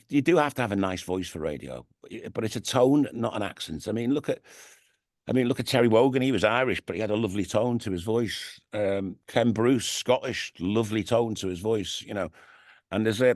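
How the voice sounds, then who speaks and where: Middle-aged scouse guy rambling away, lowish voice, dry close mic. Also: fairly quick, darkish tone, dry recording. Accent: Liverpool. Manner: chatty, rambling, peppered with "you know what I mean". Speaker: radio DJ and TV presenter, interview guest. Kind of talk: casual interview chat. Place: radio studio.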